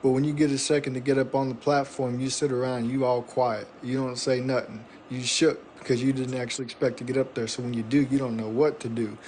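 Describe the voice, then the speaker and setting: A man's voice: mid-range voice, little pitch movement, a little fast, hardly any pauses, a little mellow, slight background noise. A man who is a guest on a livestream, lecturing in a slangy, preachy way with some rhyming lines. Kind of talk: casual livestream talk.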